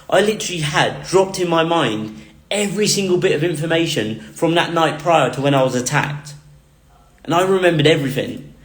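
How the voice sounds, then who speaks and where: A man earnestly telling his own story to camera, repeating words for emphasis. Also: fairly high pitch. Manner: earnest, repetitive emphatic phrasing. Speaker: vlogger recounting a near-death experience. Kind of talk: emotional personal storytelling. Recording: roomy echo.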